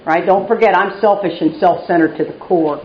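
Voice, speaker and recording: A woman's voice: fairly low pitch, moderate pace, noisy background. A middle-aged woman from Texas giving a personal recovery talk, candid and wry, poking fun at herself as she tells her story. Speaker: recovery meeting speaker. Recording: roomy, dull live recording.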